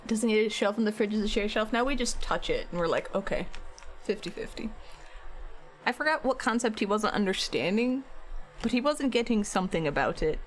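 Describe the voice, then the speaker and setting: A woman's voice: mid-range voice, lively intonation, brisk, a little hiss or hum. A woman art streamer chatting casually while sculpting on a live stream, rambling with lots of filler words.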